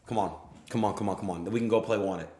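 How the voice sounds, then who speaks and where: Young male streamer, casual and crude, lower register, volatile delivery, echoey room sound. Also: steady tone, fast talker. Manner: profane, swings from yelling to muttering. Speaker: live streamer. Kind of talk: live-streamed gambling commentary. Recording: roomy echo.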